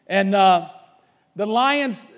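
A man preaching a fervent sermon, swinging from shouted lines to low asides. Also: expressive, very slow. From Covington, Kentucky, USA. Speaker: pastor.

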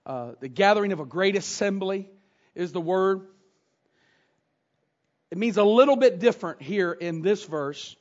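A man preaching a teaching sermon from scripture, deliberate, repeating key phrases and putting questions to his listeners. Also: high-pitched, lively intonation. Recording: slightly dull lo-fi recording.

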